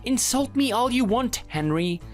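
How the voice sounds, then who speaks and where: A man with a very high-pitched, animated voice speaks at a moderate pace over faint background music. In a synthetic, text-to-speech texting-story style, he plays an indignant Italian-born family man confronting a bully.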